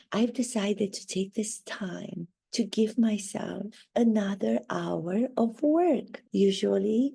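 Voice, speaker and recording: A woman playing a vain, self-pitying duchess in a satirical monologue, indignant and self-praising with dramatic pauses. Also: mid-range voice, creaky, dark tone, husky, exaggerated voice.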